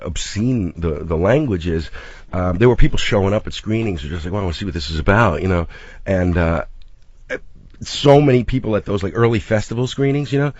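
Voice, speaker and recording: A comedian and director chatting as a radio show guest, his voice sitting on the lower side. He talks in an animated rush, laughing and restarting sentences as ideas pile up. The studio sound is dry and a bit dull. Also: brisk, no echo. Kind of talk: casual radio chat.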